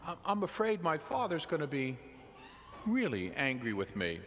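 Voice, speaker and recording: A man's voice: fairly high pitch, huge pitch swings, moderate pace, fairly bright tone. A man voicing a hesitant, worried young boy in a told joke. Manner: hesitant, fretful. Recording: church with long reverb.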